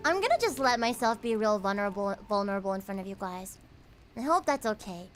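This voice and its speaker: A young American woman streaming a cozy late-night chat, reading comments aloud, playful and squealing at times, then soft and reflective. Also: mid-range voice, very animated, brisk, soft background music. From United States.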